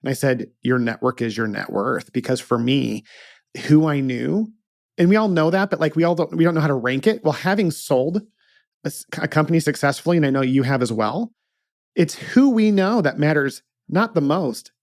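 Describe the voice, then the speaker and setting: A man's voice: a little high, expressive, a little mellow, no echo, clean studio sound. Enthusiastic middle-aged podcast host man. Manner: enthusiastic, emphatic, quick to agree. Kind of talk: casual interview.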